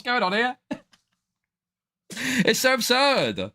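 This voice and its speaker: A man's voice: very high-pitched, huge pitch swings, extremely slow, long pauses, sharp tone. A man doing casual stream commentary, rambling and hedging, peppered with "bro" and "dude".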